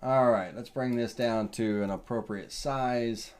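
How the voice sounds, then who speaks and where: Rambling Southern man teaching software. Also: mid-range voice, a little slow, clean tone. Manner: relaxed, rambling, thinks aloud with many fillers. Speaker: software tutorial host. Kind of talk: live software tutorial.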